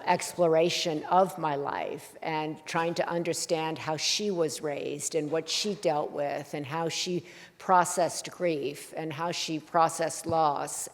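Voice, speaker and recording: Low-voiced woman, soft and reflective. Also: in a large hall. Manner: soft-spoken, reflective, pauses with fillers. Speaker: host. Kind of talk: reflective conversation.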